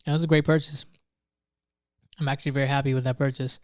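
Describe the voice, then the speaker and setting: A man's voice: medium pitch, little pitch movement, fast, background noise. A young man co-hosting a podcast, chatting casually, laughing often and swearing freely. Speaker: podcast co-host. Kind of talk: casual chat.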